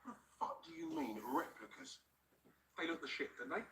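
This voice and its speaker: A man's voice: a little high, huge pitch swings, moderate pace, gravelly, a bit bright, heavily acted. An actor playing a volatile, profane male gangster who barks orders and swears. The audio is a film soundtrack played back on a livestream. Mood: aggressive. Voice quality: brash, swearing, barking orders. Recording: film audio heard from far off, noisy.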